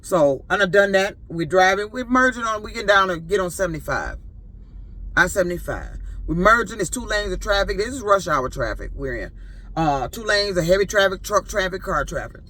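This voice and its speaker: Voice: medium pitch, brisk. Indignant driver in their fifties. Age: 50s. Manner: animated, profane, indignant. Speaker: rideshare driver. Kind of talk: ranting storytime vlog.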